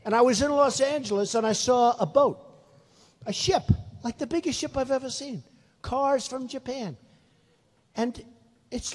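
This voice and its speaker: A man's voice: very high-pitched, darkish tone. A man in his sixties giving a rambling, repetitive, emphatic rally speech in a large venue. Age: 60s. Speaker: political candidate. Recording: reverberant hall.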